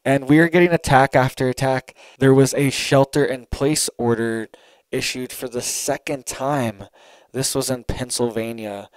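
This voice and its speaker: A man delivering an urgent, emphatic monologue straight to his viewers, often pausing to check they're following. His voice is smooth and clear, at an everyday middle pitch. The recording is close and dry, with no room sound. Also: dry recording, low-quality recording. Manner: urgent, emphatic, keeps asking "all right?". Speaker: online commentator. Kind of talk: solo commentary video.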